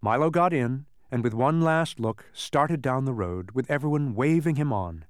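A man narrating a children's storybook with a very lively, rising and falling voice. The recording is close and dry, and he reads it with plain enjoyment. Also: medium pitch, moderate pace, dry recording. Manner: expressive reading aloud.

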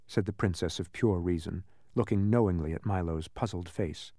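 A man narrating a children's storybook aloud in an expressive, measured way. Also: low voice, creaky, no room sound, studio quality.

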